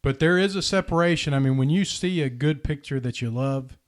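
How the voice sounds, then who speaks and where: A man telling a heartfelt personal story in a casual podcast chat, earnest and animated. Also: fairly high pitch, fairly quick. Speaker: podcast host.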